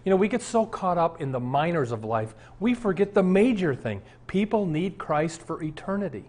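A man's voice: on the high side, big pitch swings, normal speed, darkish tone. A man in his sixties, a pastor, preaching an earnest, conversational sermon full of rhetorical questions.

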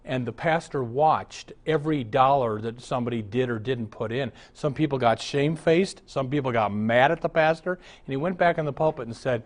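Man, pastor, sermon, animated storytelling, humorous anecdotes, mid pitch. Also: moderate pace, hardly any pauses.

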